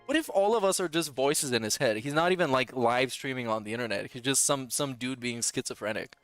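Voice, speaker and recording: A man's voice: medium pitch, brisk, a bit bright, no room sound, soft background music. A man hosting a podcast, giving sarcastic, profane commentary on clips and laughing often. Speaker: podcast host reacting to clips.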